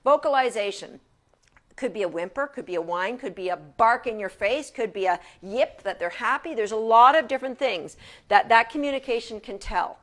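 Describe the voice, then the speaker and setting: A woman's voice: fairly high pitch, animated, moderate pace, fairly bright tone. A woman dog trainer giving an informal lecture from her couch at home in a chatty, casual way with frequent restarts.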